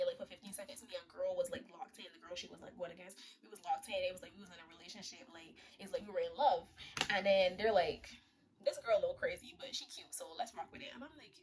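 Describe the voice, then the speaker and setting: Young woman vlogger, casual slangy movie recap, joking asides, mid-pitched voice. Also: a little mellow.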